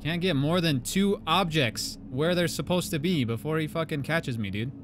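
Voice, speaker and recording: A young man giving let's play commentary on a horror game, swearing and shouting at jump scares, his voice going hoarse from screaming. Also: a little high, moderate pace, noisy background. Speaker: gaming YouTuber. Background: game music.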